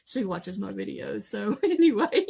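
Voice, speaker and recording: A woman's voice: mid-range voice, very animated, a little slow, vocal fry, warm tone, husky. A woman, telling a story in a chatty vlog and laughing often along the way. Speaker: vlogger.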